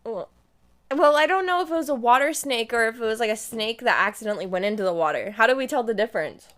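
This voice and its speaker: Bright-voiced young woman streamer chatting. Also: on the high side, fast talker. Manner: animated storytelling, acting out friends and herself. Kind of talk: casual chat to a live stream audience.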